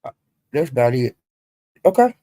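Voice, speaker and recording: Very animated and speaking at a normal speed, a woman hosts a casual livestream, addressing chat viewers by name, laughing often and swearing freely. She jumps between loud bursts and quiet muttering, and the recording is close and dry with no room sound.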